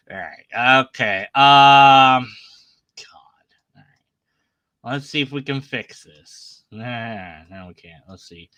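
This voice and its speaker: A man's voice: mid-range voice, pushed and bright, smooth, no room sound, poor audio. A man ranting sarcastically in a reaction commentary, exasperated and swearing, sometimes trailing off into muttered asides. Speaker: video commentator.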